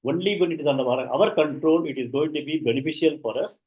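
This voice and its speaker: A man's voice: fairly high pitch, fast talker, lo-fi sound. A man teaching a class online, explaining each verse and chanting it for students to repeat. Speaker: shloka teacher.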